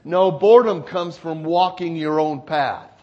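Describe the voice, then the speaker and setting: A man preaching a sermon with emphatic, repeated phrases, swinging from loud exclamations to hushed asides. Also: a little high, a little slow, muffled recording.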